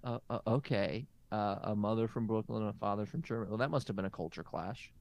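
A man hosting an improvised comedy podcast as a therapist, talking in a lively, stammering, incredulous way. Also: fairly low pitch, quick pace, vocal fry. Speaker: comic playing a therapist host.

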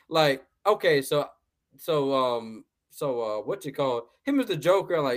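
A man's voice: sits high, expressive, measured pace, fairly bright tone. A man hosting a casual movie review podcast, talking bluntly with a lot of swearing, laughing, and repeated words. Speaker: podcast host.

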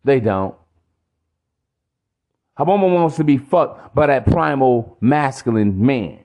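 Gravelly preachy male podcast ranter. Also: medium pitch, expressive, slow pace, a little mellow. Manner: preachy, profane, repetitive. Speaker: podcast host. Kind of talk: ranting podcast monologue.

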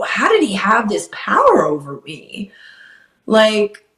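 A woman's voice: on the low side, a bit bright. Woman telling a painful story in a roomy space. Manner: candid, swearing, voice rising as she gets upset. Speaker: guest. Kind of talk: emotional personal storytelling. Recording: roomy echo.

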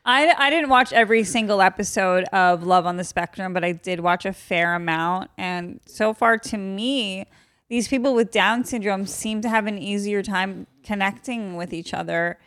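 A young adult woman hosting a podcast, chatting casually in a blunt, deadpan way with some swearing. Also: mid-range voice, normal speed, no echo. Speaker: podcast host.

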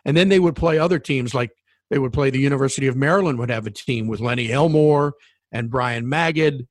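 A middle-aged man who works as a sports broadcaster and used to referee, telling a story in casual conversation with animated enthusiasm and frequent restarts. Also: mid-range voice, a little fast, no room sound.

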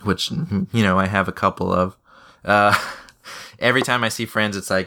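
A man's voice: deep voice, fairly even intonation, normal speed, sharp tone. A young man rambling and swearing in a casual podcast chat about games, restarting his sentences often. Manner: rambling, profane, many restarts. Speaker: podcast host.

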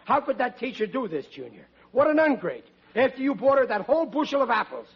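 A bossy, excitable father, stammering as he fusses. His voice is high and husky, and it comes through an old, muffled radio recording. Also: a little fast, heavily acted. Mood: blustering. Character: blustery middle-aged working-class father. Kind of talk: 1940s radio acting.

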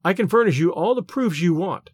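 A man's voice: sits high, lively intonation, brisk, breathy edge, dry recording, studio quality. A man reading aloud, voicing an earnest young male suitor who pleads tenderly. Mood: pleading.

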